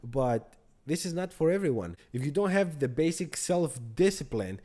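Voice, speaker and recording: A man who moved from abroad, hosting a credit card channel and telling a story to the camera in an animated, exasperated way. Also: a little high, moderate pace.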